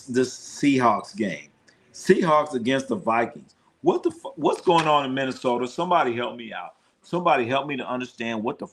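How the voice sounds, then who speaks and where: A man's voice: medium pitch, fairly bright tone. A man recapping football scores on a live stream, rambling and profane, repeating himself as he riffs. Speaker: sports streamer. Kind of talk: casual sports recap.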